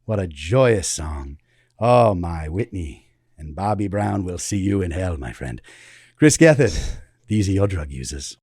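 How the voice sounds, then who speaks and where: A man doing a loose impression of a pompous, slow-speaking TV interviewer, in a hushed and grand delivery. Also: low-pitched, sing-song, husky, dry recording, clean studio sound, pitched below the performer's own voice, heavily acted. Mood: solemn.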